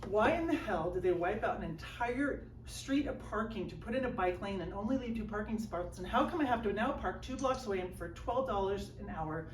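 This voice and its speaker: At a small live comedy show, a woman does a self-mocking stand-up set, acting out her own whiny inner voice in a medium-pitched, animated delivery that runs a little fast with few pauses. The mic sits a bit distant in a roomy live space with faint background noise. Audience laughter can be heard.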